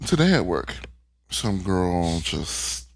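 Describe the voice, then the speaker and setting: Male podcast co-host, low and gravelly, blunt and profane, lively storyteller. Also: slow pace, no echo, studio quality. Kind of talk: casual podcast chat.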